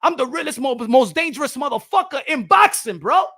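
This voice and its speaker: High-pitched gravelly guy ranting about boxing deals, swearing a ton, bright edgy voice. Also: fairly quick. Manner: loud, profane, animated, laughing often. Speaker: boxing channel host. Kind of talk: ranting reaction to viewer comments.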